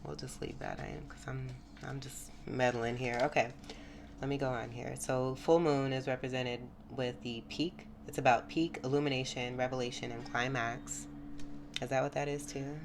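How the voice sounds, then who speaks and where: A woman's voice: a bass voice, fairly even intonation, moderate pace, background noise. A woman giving a spiritual tarot reading to her viewers, effusive, exclamatory and encouraging. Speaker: tarot reader. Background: music.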